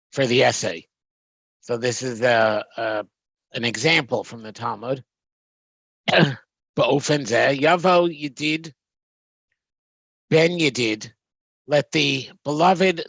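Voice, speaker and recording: A man's voice: mid-range voice, vocal fry, a bit bright, dry recording. A man teaching a text study, reading Hebrew phrases and translating them with frequent ums and restarts. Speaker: Torah teacher.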